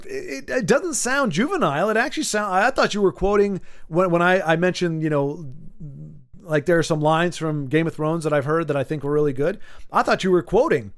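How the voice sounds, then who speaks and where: A man in his forties chatting casually on a stream, rambling, with lively, animated delivery and frequent restarts. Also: fairly high pitch, fairly quick. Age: 40s.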